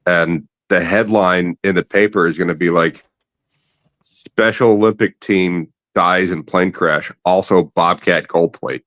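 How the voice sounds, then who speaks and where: A man's voice: deep voice, steady tone, unhurried, a bit bright, no echo. A man hosting a casual late-night chat, rambling through stories and swearing freely. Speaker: podcast host.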